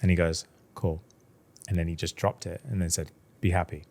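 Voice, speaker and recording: A man's voice: low-pitched, fast, gravelly. A young man, a podcast co-host animatedly retelling a book plot in casual chat and acting out the characters' lines. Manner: animated storyteller, acts out the characters' lines in a raised voice.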